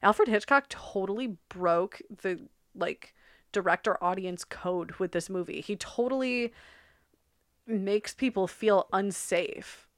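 A woman's voice: medium pitch, takes it slowly, no echo, clean studio sound. A woman co-hosting a podcast, chatting casually and animatedly about film history, laughing often. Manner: giggly, animated, talks through film history. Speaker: podcast co-host. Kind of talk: casual chat.

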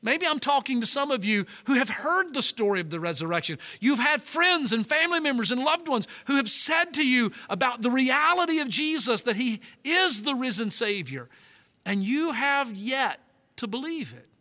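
Man, pastor, sermon, emphatic, sharp tone, echoing sanctuary. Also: very high voice, very animated. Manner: emphatic, slows and stretches key words. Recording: long reverb of a large hall.

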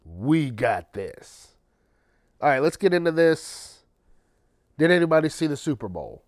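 A man's voice: fairly high pitch, very animated, moderate pace, clean tone, dry recording, clean studio sound. A man hosting his own podcast, ranting casually and sarcastically with plenty of swearing, tired late at night. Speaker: podcast host. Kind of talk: casual solo monologue.

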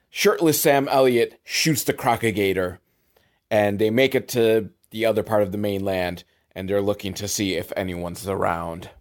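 A man hosting a sarcastic comedic movie recap, with wry, deadpan asides, casual swearing and chuckles. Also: lowish voice. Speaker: show host recapping a film.

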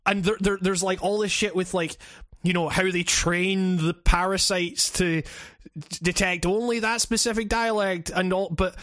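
A man's voice: sits high, steady tone, moderate pace, fairly bright tone, no room sound, studio quality. A man ranting about a game in casual chat, rambling and swearing with many restarts. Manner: rambling, profane, frequent restarts.

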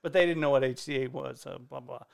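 A man, a stand-up comedian, telling a rambling profane story on a casual podcast with excitable energy. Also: mid-range voice, fast talker. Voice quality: gravelly, excitable, swears freely.

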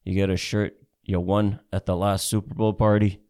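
A man's voice: low voice, little pitch movement, normal speed, a little mellow. A man from Canada doing a stand-up comedy set, profane and rambling, with many repeats and restarts.

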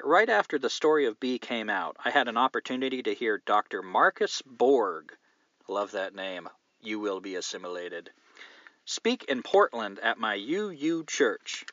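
A man's voice: medium pitch, very animated, moderate pace, fairly bright tone, dry recording. Man, podcast host, reading listener mail, swearing, wry asides, dry dull lo-fi sound. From Southern United States. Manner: profane, wry joking asides.

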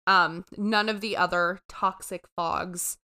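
A woman's voice: on the low side, fairly even intonation, slow, bright, forceful tone, clean tone. A woman co-hosting a podcast in casual chat, talking loosely with lots of fillers and frequent laughter. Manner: chatty, laughs often, many fillers. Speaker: podcast co-host.

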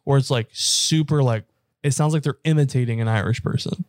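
A man's voice: mid-range voice, fairly quick, dry recording, studio quality. A young American man in casual chat, rambling and laughing, swearing now and then. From United States.

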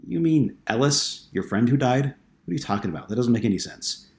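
A man's voice: medium pitch, lively intonation, fairly quick, a little mellow, echoey room, voice pushed up, natural voice. A man reading an audiobook, voicing a tired, skeptical male ad writer who questions what he hears.

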